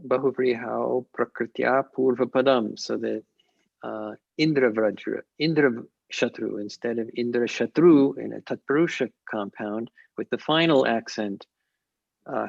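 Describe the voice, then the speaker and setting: Man with a gravelly, measured voice. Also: medium pitch, no room sound. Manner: measured, hesitant, with many fillers and restarts. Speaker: invited lecturer answering questions. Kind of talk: academic Q&A on a webinar. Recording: muffled lo-fi webinar audio.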